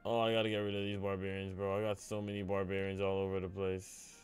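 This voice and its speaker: A young man streams a live game, excitably chatting with his viewers and crying out in dismay when plays go wrong. He speaks fast in a low-pitched voice, with faint music in the background.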